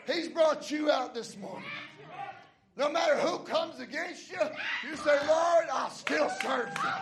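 A woman preacher delivering an impassioned, shouted sermon to her congregation, driving points home with rhythmic repetition. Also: sits high, a little slow, reverberant. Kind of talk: Pentecostal-style shouted sermon. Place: church with a congregation. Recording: live church sermon with crowd noise. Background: congregation audible.

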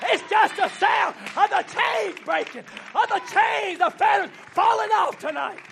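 High-pitched shouting preacher. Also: male voice, a little slow, gravelly, some chatter behind, a little hiss or hum. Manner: shouting, rhythmic repetition, call-and-response exhortation. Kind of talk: fiery revival sermon. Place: church banquet hall.

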